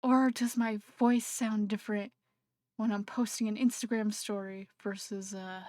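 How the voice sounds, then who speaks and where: A woman's voice: medium pitch, fairly even intonation, unhurried, darkish tone, no room sound, studio quality. A woman streaming live and chatting casually into her computer microphone, rambling and self-conscious, with lots of fillers and restarts.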